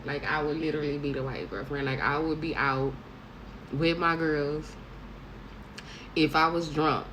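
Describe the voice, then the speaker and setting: Low-voiced blunt woman in her thirties. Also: fairly bright tone, a little hiss or hum, rough recording. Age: 30s. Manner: blunt, profane storytelling with bursts of laughter. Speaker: vlogger. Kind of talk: casual monologue to camera.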